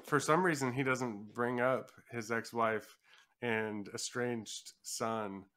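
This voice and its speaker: Regular-pitched guy cohosting a podcast, jokey and rambly, casual chat. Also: steady tone, takes it slowly, fairly bright tone, slight background noise. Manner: joking, rambling, slips into mock voices. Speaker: podcast co-host.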